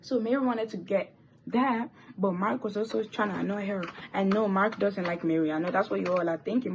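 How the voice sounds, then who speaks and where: Gravelly-voiced teen girl rambling a story. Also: medium pitch, brisk, dull audio, a little hiss or hum. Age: teens. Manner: rambling, animated storytelling with swearing and asides. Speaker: vlogger. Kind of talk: chatty get-ready-with-me story time. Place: indoors doing makeup.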